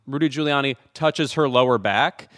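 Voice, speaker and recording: A man's voice: medium pitch, normal speed, fairly bright tone. A man chatting casually as a panelist, telling wry stories and acting out quotes. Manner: wry storytelling, acts out quotes. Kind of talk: casual chat.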